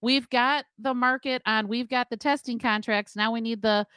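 A woman co-hosting a radio talk show, brisk and pointed. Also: a little high, steady tone, fairly bright tone, clear, resonant tone, no echo, studio quality.

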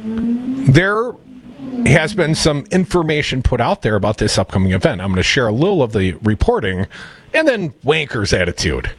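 A man's voice: mid-range voice, wildly swooping pitch, normal speed. A man co-hosting a political talk radio show, talking casually and sarcastically and reading news aloud. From Madison, Wisconsin. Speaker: radio co-host.

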